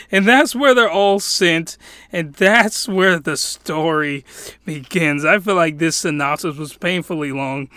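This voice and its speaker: A man giving a casual anime review, rambling and excitable, sometimes getting loud. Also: fairly high pitch, measured pace, smooth, no room sound.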